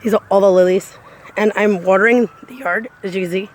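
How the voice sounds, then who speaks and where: A chatty woman strolls outdoors through her backyard, talking into a handheld phone camera. She repeats herself as she goes and now and then jumps into a high, delighted squeal. Her pitch is an ordinary middle for a woman, and the tone is easy and casual. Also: brisk, slight background noise. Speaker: cosplayer giving a garden tour. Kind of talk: casual walking tour chat. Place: outdoors in a home backyard garden.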